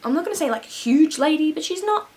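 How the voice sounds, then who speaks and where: A woman's voice: high-pitched, expressive, quick pace, darkish tone, rough recording. A young adult woman vlogger telling a school story casually, rambling with lots of fillers and frequent laughs. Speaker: beauty vlogger.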